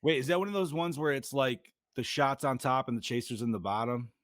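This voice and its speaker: A man's voice: mid-range voice, brisk, fairly bright tone, no echo. A man co-hosting a podcast, chatty and casual, who calls the others bro and dude. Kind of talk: casual chat.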